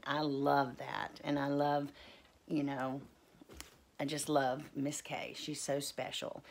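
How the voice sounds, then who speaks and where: A middle-aged woman, chatting casually in a vlog, rambling and devout, with many fillers and restarts. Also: sits low. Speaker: homestead vlogger.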